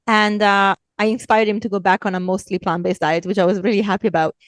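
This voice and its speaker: A woman's voice: mid-range voice, fairly even intonation, fast talker, dry recording. A woman hosting a podcast, chatting and agreeing in a casual interview. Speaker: podcast host.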